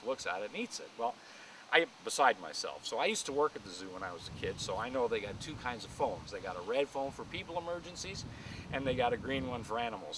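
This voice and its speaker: A middle-aged man doing a stand-up set in a driveway, telling family stories in a deadpan way and jumping higher for the lines he quotes. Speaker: amateur comedian. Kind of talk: stand-up storytelling. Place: outdoors in a driveway near traffic. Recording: distant camera mic outdoors, traffic noise.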